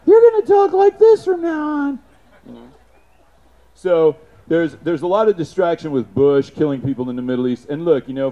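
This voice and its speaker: A man giving an impassioned, profane public speech, punctuated with shouted sound effects. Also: medium pitch, highs cut off.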